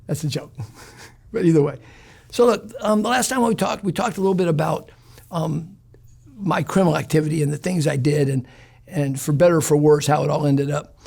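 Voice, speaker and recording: Gravelly man. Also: on the high side, brisk, darkish tone. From Chicago. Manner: rambling, streetwise storytelling with fillers. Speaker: interview guest. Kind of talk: casual storytelling interview.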